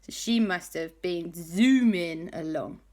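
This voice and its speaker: A woman's voice: on the low side, slow, a little mellow. A woman telling an improvised children's story in a chatty, playful way.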